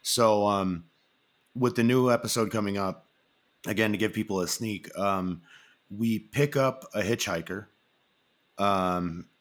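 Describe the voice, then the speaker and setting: A man's voice: fairly low pitch, a little slow, long pauses. A man hosting a podcast, chatting casually and rambling through stories with lots of fillers and restarts. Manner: rambling storyteller, many fillers and restarts, acts out quotes. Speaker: podcast host. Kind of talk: casual chat.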